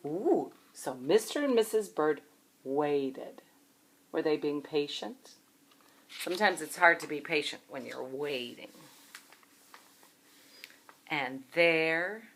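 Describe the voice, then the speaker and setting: A woman, a preschool teacher, reading a picture book aloud to young children in a gentle, expressive way, asking them questions. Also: low-pitched, a little slow, pauses often.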